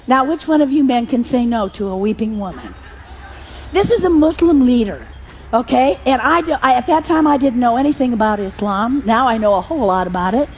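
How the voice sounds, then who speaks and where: A woman's voice: high voice, a little fast, lo-fi sound, a little hiss or hum. A woman preacher telling a personal testimony in a sermon, with emotional storytelling that rises into fervent prayer.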